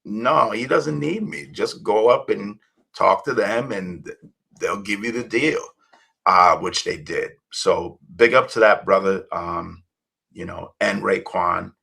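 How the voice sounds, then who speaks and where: Deep gravelly-voiced man telling stories. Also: slow pace, sharp tone, rough recording. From United States. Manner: rambling, many fillers and restarts. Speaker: guest, hip-hop journalist. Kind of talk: storytelling interview.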